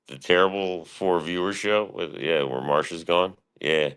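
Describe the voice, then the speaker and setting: A man's voice: low voice, normal speed, few pauses, fairly bright tone, clear, resonant tone. A man streaming live, rambling casually and profanely about his past and his show, often quoting himself.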